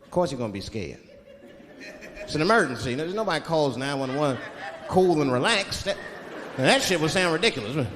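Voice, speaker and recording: Man doing stand-up, lively high voice. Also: brisk, long pauses. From Washington, D.C. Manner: switches into put-on voices for characters. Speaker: stand-up comedian. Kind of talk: stand-up comedy routine. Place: comedy stage before a live audience. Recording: live stage recording in a large hall with crowd laughter. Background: audience laughter.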